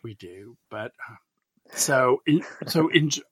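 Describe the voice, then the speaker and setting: A man's voice: medium pitch, slow, breathy edge, no echo. A man hosting a podcast, chatting casually and gushing as he acts out what people said. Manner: gushing, animated storyteller who acts out quoted remarks. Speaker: podcast host. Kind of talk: casual chat.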